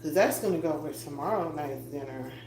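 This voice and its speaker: Woman home cook on a live vlog, low-pitched and chatty, in an echoey kitchen. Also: fairly quick. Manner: chatty, laughing, moving around the kitchen. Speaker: vlogger cooking on a livestream. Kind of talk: casual chat to viewers while cooking. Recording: echoey room, voice drifting off-mic, noisy.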